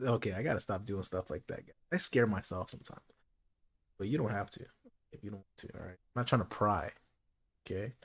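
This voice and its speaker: A man's voice: fairly low pitch, darkish tone. A man streaming a late-night casual chat, earnest and reflective, talking things through with lots of "like" and "you know.".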